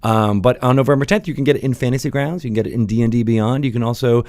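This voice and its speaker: A young man hosting a podcast in casual studio chat, rambling with lots of fillers and quick laughs. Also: medium pitch, darkish tone. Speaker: podcast host.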